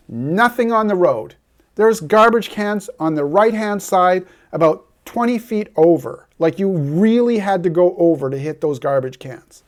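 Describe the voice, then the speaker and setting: Slow-talking earnest male coach. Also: fairly high pitch, darkish tone. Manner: earnest, persuasive, addresses the viewer directly. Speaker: heartbreak and life coach. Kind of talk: direct-to-camera motivational talk.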